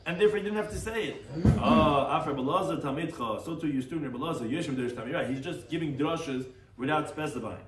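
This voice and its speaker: A man's voice: fairly high pitch, fast. A man, a rabbi teaching a daily Talmud class, reads Aramaic phrases and explains them in English, acting out the sages. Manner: animated, acts out the quoted sages. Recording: echoey room, far from mic, faint noise.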